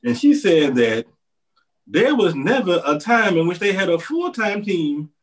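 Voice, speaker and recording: A man co-hosting a casual podcast, ranting deliberately and building emphasis. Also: high-pitched, sing-song, distant mic. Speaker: podcast co-host. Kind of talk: casual opinion rant. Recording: voice off-mic.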